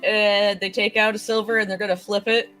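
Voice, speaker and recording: A woman at a tabletop game, chatty and quick to laugh as she walks through what her character does. Her pitch sits in the middle for a woman. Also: flat delivery, fairly bright tone, soft background music. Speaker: player. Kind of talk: casual tabletop play.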